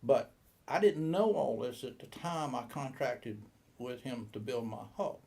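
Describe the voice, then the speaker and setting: A man's voice: mid-range voice, measured pace, creaky, dark tone, slight background noise. A man in his seventies who owns a boat shop, telling a long, rambling story in an interview and acting out the dialogue. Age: 70s. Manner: rambling anecdotal, acts out quoted dialogue.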